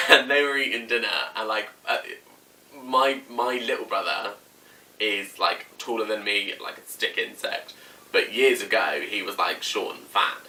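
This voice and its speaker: Chatty young man, bright voice. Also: lowish voice, unhurried. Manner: chatty, lots of "like", acts out quotes. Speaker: vlogger. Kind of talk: casual storytelling to camera. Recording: slightly distant mic, faint room noise.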